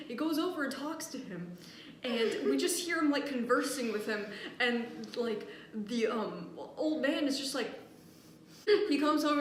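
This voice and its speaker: A young woman co-hosting a casual talk show, telling a story in a halting way with many fillers. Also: high-pitched, expressive. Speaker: podcast co-host. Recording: echoey room with faint noise.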